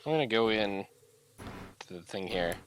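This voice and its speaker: Lively man playing a tabletop game. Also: fairly low pitch, normal speed, a little hiss or hum, rough recording. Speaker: player. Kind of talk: tabletop game play, casual.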